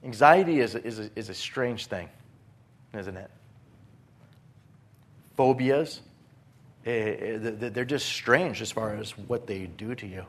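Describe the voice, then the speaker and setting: A man preaching a sermon as a pastor, telling stories with lively, animated delivery and acting out his own panic. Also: fairly low pitch, a little slow, pauses often.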